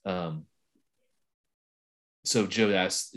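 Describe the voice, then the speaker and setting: A man co-hosting a casual conversation about ministry, talking haltingly with restarts and easy laughter. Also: on the low side. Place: at home late at night.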